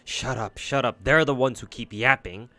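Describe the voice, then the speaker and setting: A man's voice: mid-range voice, normal speed, sharp tone. A man voicing a spoiled, cruel young fairy princess who is insecure and pleading, reading aloud from a game. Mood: anxious.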